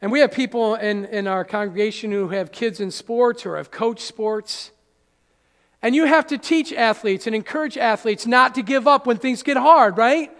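A man preaching a sermon as pastor in a church, animated and acting out little scenes. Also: very high voice, normal speed. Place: church sanctuary. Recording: church hall reverb.

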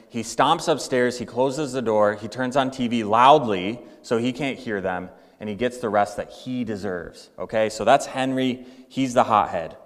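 A man's voice: medium pitch, moderate pace, hardly any pauses, in a large hall. A male pastor preaching a sermon in a conversational way, acting out everyday examples. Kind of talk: sermon with storytelling.

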